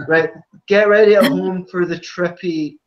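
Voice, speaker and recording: A man's voice: high-pitched, steady tone, measured pace, a loud crowd. A Scottish man hosting a podcast in casual group chat, joking with theatrical outbursts. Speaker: podcast host. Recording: dull lo-fi sound.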